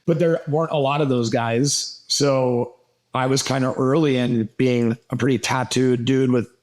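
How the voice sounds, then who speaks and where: A man's voice: mid-range voice, moderate pace. A man from Milwaukee telling stories as a podcast guest, casually swearing and acting out what other people said. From Milwaukee, USA. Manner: animated, acts out quoted people, swears freely. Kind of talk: casual storytelling.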